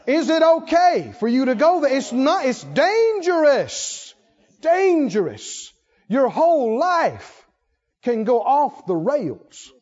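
A preacher man with a high, lively voice delivers a sermon, acting out stories and dropping into hushed asides. He speaks slowly and deliberately, and the recording is a bit dull and lo-fi. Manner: animated, acts out stories, drops to hushed asides.

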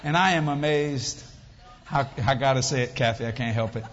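In a large church hall, an older man preaches to his congregation at normal speed in a medium-pitched voice. He tells stories with animation, acts out voices and jokes with the people listening. The highs are cut off.

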